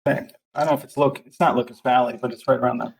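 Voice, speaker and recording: Gravelly man chipping in offhand. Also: mid-range voice, steady tone, very fast. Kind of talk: casual chat.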